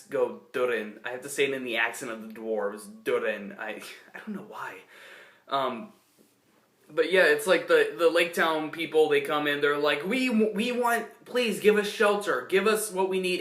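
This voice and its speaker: A man's voice: on the high side, bright, forceful tone. A young man giving a casual spoken film review, rambling with many restarts and fillers. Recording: echoey room.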